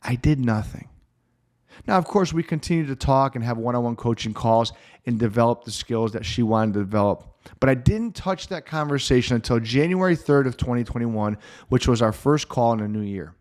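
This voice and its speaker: A man's voice: medium pitch, expressive, a little mellow. A middle-aged man hosting his own podcast as a mental performance coach, telling a client story in an earnest, emphatic motivational monologue. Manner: earnest, emphatic storytelling with slow stressed phrases.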